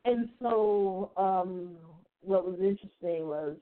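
A woman from the South Side of Chicago hosting a podcast, retelling events in a blunt, profane, animated way. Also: mid-range voice, a little slow. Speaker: podcast host. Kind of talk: casual storytelling commentary. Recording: tinny phone-like audio.

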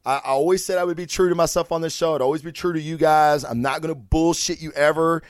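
A man's voice: fairly high pitch, fast, clean tone, no room sound, studio quality. A man hosting his own podcast, ranting casually with lots of swearing and restarts. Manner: profane, animated, rambling with restarts. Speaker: podcast host. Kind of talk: casual solo podcast rant.

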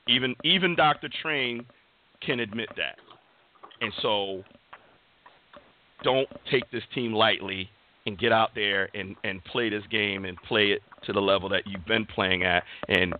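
A man's voice: low-pitched, a little hiss or hum. A man hosting a casual sports talk show, loose and rambling, sometimes heartfelt, heard over a tinny line. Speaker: podcast host. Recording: tinny phone-line audio.

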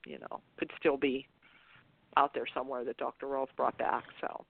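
A woman's voice: rumbling low, big pitch swings, normal speed, creaky, husky. A woman hosting a casual internet radio chat, talking in a rambling, chatty way with restarts and laughs. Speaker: show host. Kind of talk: casual chat about soap operas. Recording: tinny phone line, dry.

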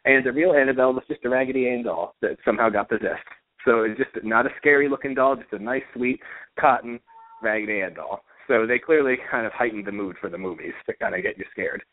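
A man rattling through stories in a quick, chatty podcast conversation. His voice is dry and close, squeezed into a thin phone-like band. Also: mid-range voice, no room sound. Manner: chatty, animated storytelling. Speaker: podcast co-host. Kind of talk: casual chat. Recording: tinny phone-like dry audio.

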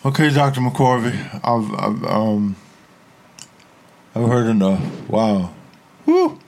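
A man's voice: on the low side, takes it slowly, creaky. Man hosting, reacting with exclamations. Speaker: interview host. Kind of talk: casual interview.

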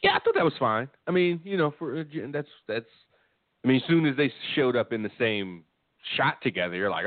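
A man co-hosts a podcast in loose, profane chat, full of mocking asides. His pitch swings widely as he talks. The line is dry and tinny, like a phone call. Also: huge pitch swings, fairly quick, dry recording. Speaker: podcast co-host. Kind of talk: casual chat.

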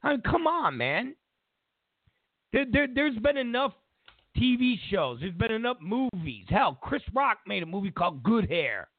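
A man hosting a show, giving an opinionated political commentary as a mocking, animated rant. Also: high-pitched, unhurried, no room sound. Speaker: show host. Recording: tinny phone-like dry audio.

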